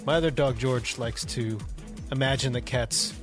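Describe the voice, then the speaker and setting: A man co-hosting a podcast in relaxed, casual conversation, with an ordinary mid-range voice. He throws in dry one-liners. Faint music plays behind him. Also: medium pitch. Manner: dry quick-witted quips. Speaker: podcast co-host. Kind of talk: casual chat.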